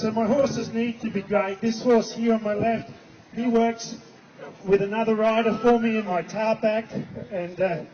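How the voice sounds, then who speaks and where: A man's voice: high-pitched, background noise. A man with an Australian accent giving a joking, chatty horse training demonstration in an outdoor arena. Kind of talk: live arena demonstration with commentary. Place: outdoor arena at a race track. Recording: lo-fi with loud outdoor ambience.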